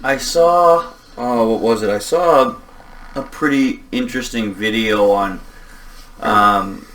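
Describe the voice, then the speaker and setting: A man's voice: medium pitch, slow pace, a bit bright, far from the mic. A man co-hosting a podcast who chats casually, tells laid-back stories, swears freely and laughs often. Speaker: podcast co-host. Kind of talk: casual chat.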